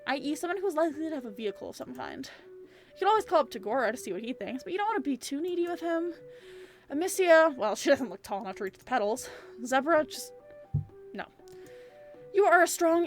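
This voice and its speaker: Animated woman reading a visual novel aloud. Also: high-pitched. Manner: animated, playful, swears casually. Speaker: gaming channel host.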